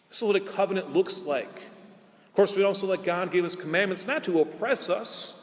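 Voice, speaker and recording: A priest giving an earnest sermon, asking rhetorical questions and drawing out his key words slowly. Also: high-pitched, big-room sound. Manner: earnest preaching with rhetorical questions and slow emphatic endings.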